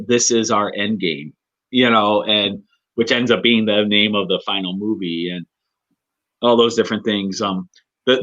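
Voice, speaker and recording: A man's voice: fairly low pitch, sharp tone, highs cut off. A man co-hosting a casual talk show, chatting loosely with frequent laughs and restarts. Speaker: podcast co-host. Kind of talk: casual chat.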